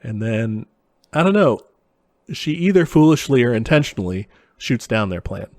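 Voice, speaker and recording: A man's voice: mid-range voice, normal speed, no echo, studio quality. A man co-hosting a podcast, casually recapping a film's plot with lots of "uh" and "you know". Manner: relaxed plot recapping with many fillers. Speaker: podcast co-host. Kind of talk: casual film discussion.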